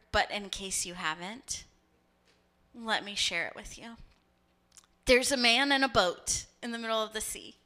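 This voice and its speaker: A woman's voice: fairly high pitch, sharp tone, clear, resonant tone. A woman pastor preaching a sermon, telling stories and acting out voices as she goes. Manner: storytelling, acts out voices.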